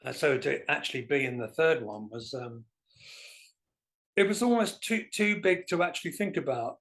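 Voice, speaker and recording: A man, a guest musician telling self-deprecating stories in a relaxed interview. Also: fairly high pitch, moderate pace. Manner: animated anecdotal, self-deprecating. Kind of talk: casual storytelling interview.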